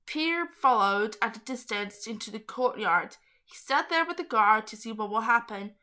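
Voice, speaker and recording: A woman's voice: fairly high pitch, animated, normal speed, bright, forceful tone. A young woman reading a Bible story aloud, stumbling over hard names and adding chatty asides.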